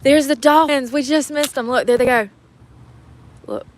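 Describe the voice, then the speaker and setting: A woman's voice: high voice, moderate pace, a little hiss or hum. Chatty woman filming outdoors. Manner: chatty, swears freely, laughs often. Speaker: vlogger. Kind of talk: casual outdoor vlog chat. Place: outdoors by the water on a cold day.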